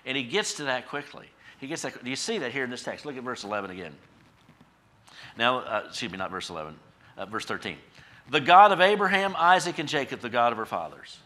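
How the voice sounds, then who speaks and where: A male pastor preaching a sermon, building to emphatic, impassioned peaks and then dropping soft and low. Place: church.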